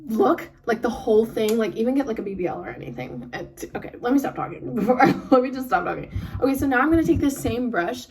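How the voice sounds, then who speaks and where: A young woman chatting as she does her makeup for a vlog, talking fast and rambling with lots of fillers, recorded on a phone. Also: on the high side, lively intonation, a little mellow. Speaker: beauty vlogger. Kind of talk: get-ready-with-me chat. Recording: phone mic from a distance, some noise.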